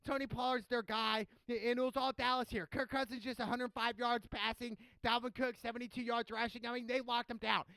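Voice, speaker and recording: A man's voice: extremely high pitch, level tone, a little fast, creaky, hardly any pauses, sharp tone, clear, resonant tone, no room sound, poor audio. A man giving a blunt, slangy football recap as a streamer, trash-talking teams in casual chat. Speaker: sports streamer.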